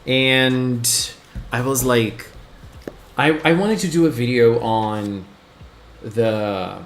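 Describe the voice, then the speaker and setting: A man hosting a casual live stream, excitably chatting and greeting his viewers one by one. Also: mid-range voice, very slow, slight background noise. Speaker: livestream host. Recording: roomy echo.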